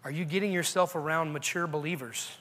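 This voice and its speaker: A man's voice: a little high, fairly quick, a bit bright, big-room sound. A male pastor preaching a sermon in a church, earnestly urging his listeners with repeated questions. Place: church sanctuary.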